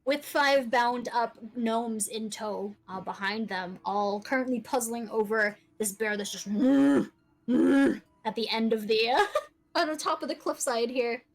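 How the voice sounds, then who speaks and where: A woman runs a tabletop game as dungeon master, describing rooms and tunnels. Her voice sits a little high and she keeps breaking into laughter as she narrates. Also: measured pace, low-quality recording. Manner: laughs often while narrating.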